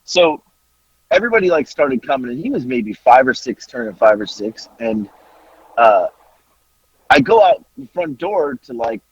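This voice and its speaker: A man in his forties, a podcast co-host, telling a story in casual chat and acting out the quotes with big jumps in pitch. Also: very animated, normal speed, slightly rough, no room sound. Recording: dull lo-fi audio.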